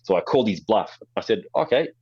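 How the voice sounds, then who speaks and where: A man with an Australian accent, a photographer telling blunt, animated stories in an interview, swearing freely. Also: sits low, fairly quick, lo-fi sound, noisy background. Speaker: photographer guest. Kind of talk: casual storytelling interview.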